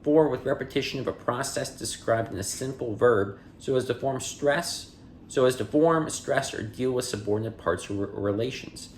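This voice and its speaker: Male podcast host reading a dictionary aloud: steady word-by-word cadence, casual asides, mid-pitched voice, echoey room. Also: moderate pace, a little hiss or hum. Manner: reads entry word, part of speech, then definition in a steady cadence; chatty and apologetic in asides. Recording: roomy echo.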